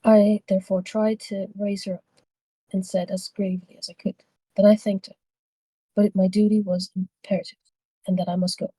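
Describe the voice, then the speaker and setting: A woman reading a novel aloud for a book club, steady but with small slips and self-corrections. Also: medium pitch, normal speed, slightly rough, no room sound, low-quality recording.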